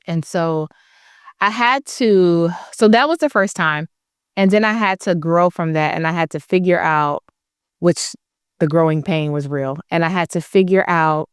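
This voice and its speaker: A woman's voice: low voice, smooth, no echo, studio quality. A woman guest on a podcast, telling her own stories in a blunt, emphatic, candid way. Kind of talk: candid conversational storytelling.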